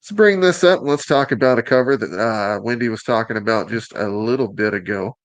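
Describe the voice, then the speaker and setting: A man's voice: fairly low pitch, a little fast, no room sound. Upbeat Southern man hosting a show. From Alabama. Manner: joking, upbeat, teasing asides. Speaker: host. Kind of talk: casual show presentation.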